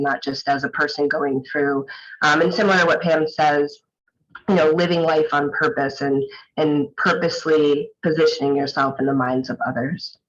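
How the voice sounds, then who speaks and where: A man speaking on a video call panel in a groggy morning voice, reflective and hesitant with many pauses. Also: fairly high pitch, fairly bright tone, muffled recording. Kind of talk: casual video call talk.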